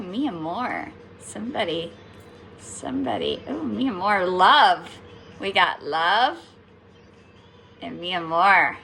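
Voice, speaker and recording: A woman's voice: mid-range voice, vocal fry, sharp tone. A woman giving a casual, playful spiritual reading to her viewers, chatting, laughing often and swearing lightly. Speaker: tarot reader.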